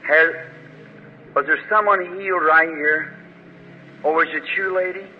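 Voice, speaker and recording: A man with a voice on the high side preaches at a faith healing service, praying fervently and commanding with force, especially when rebuking. His tone is steady and he speaks a little slowly. The old recording is muffled, made in a reverberant hall, with slight background noise.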